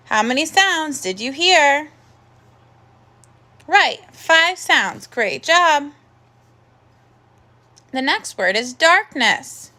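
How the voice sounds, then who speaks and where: A woman teaching a first grade phonics lesson, slowly sounding out words and praising the children. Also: high-pitched, very animated, sharp tone. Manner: slow, clear, encouraging teacher talk with drawn-out sounds.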